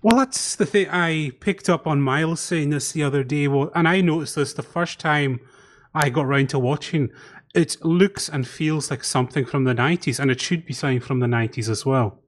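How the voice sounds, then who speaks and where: Speaking a little high and at a moderate pace, a male podcast host runs a casual commentary over an online call. He chats easily, structures the conversation, and guides everyone else along.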